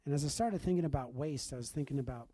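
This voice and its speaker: A man tells a personal testimony like a preacher, bringing the story to life and acting out each exchange. His voice is husky and mellow. The recording is dry and close. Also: mid-range voice, fast talker, no echo. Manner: animated, acts out quoted dialogue.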